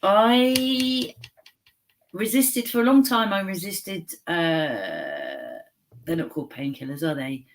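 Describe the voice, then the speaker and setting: A woman, a comedian guest on a radio show, speaking in a halting, thoughtful way with fillers and sudden quick runs. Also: fairly low pitch, animated, creaky. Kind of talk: casual chat.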